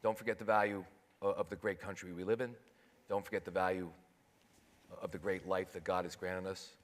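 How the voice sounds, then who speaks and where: A man on a conference panel giving a heartfelt personal account, halting and earnest. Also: low voice, little pitch movement. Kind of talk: personal testimony. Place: conference hall. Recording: long hall reverb.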